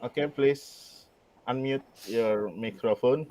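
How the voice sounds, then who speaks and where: A man from Central Java with an Indonesian accent, leading an online class ice-breaker in a relaxed way, full of fillers and "ya" tags, over a video call. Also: medium pitch, slow, over a noisy crowd, rough recording. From Kebumen, Central Java, Indonesia. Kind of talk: online class, casual instructions.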